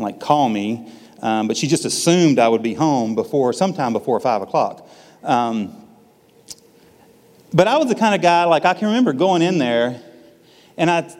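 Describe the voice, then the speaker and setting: A man's voice: medium pitch, a little mellow, big-room sound. A man giving a personal testimony at church, telling a story in a folksy, self-deprecating way.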